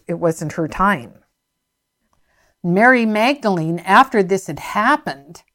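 A woman's voice: fairly low pitch, fairly bright tone. Earnest woman preaching her testimony. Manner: earnest, heartfelt, emphatic. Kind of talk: sermon with personal testimony.

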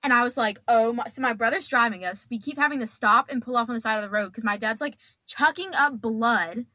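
A woman's voice: a little high, a little fast, pushed and bright, no room sound. A young woman telling stories as a podcast guest, chatty and dramatic, laughing as she goes. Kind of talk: casual storytelling.

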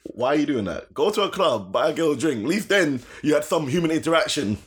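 A man's voice: a little high, big pitch swings, fast talker, slight background noise. A young man, teasing and quizzing his friend in casual chat, laughing along.

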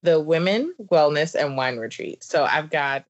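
She has a deep voice with lively intonation and talks a little slowly. A business coach in her thirties with a Southern accent, she chats bubbly and talkatively as a podcast guest in a casual interview, laughing a lot and saying "like" and "um" often, over dull lo-fi remote audio.

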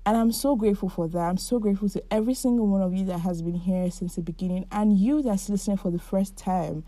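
A woman's voice: mid-range voice, fast, no room sound. A woman in her twenties hosting her own podcast, talking through her feelings in a heartfelt, chatty solo monologue. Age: 20s. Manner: warm, heartfelt and chatty, with frequent likes. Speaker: podcast host.

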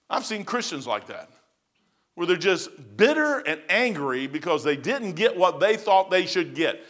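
A man's voice: a little high, sing-song, fairly quick, a bit bright. A middle-aged man, a pastor, giving a verse-by-verse sermon in a folksy, conversational way with personal stories.

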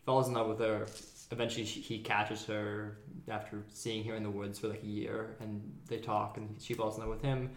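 A man's voice: fairly low pitch, little pitch movement, moderate pace, roomy sound. A man co-hosting a podcast, explaining at length in a nerdy, casual way. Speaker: podcast co-host. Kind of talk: casual chat.

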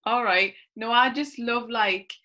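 A woman's voice: fairly high pitch, steady tone, unhurried, sharp tone. A woman, a podcast guest telling rambling, enthusiastic stories. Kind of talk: casual chat.

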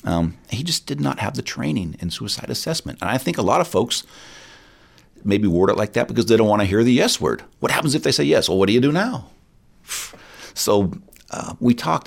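A middle-aged man, a retired highway patrol sergeant, telling a personal story candidly in an interview. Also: brisk, creaky. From United States. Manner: earnest, candid, quotes others in lively voices.

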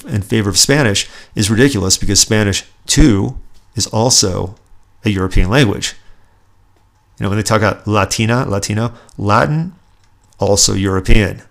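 Gravelly, indignant male podcast host. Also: lowish voice, fairly bright tone. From Southern California, USA. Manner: indignant, sarcastic, emphatic with repeated restarts. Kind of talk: opinionated solo commentary.

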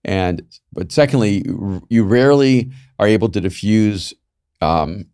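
A man with a very low voice gives feedback in a measured, thoughtful way, pausing with "um" now and then. The recording is dry and close, with no room sound. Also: darkish tone, clear, resonant tone, no echo. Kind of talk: casual chat giving advice.

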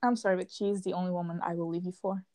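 A young woman whose first language is Dutch, chatting casually in an excitable, gushing way. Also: on the low side, quick pace. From grew up speaking Dutch. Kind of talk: casual chat.

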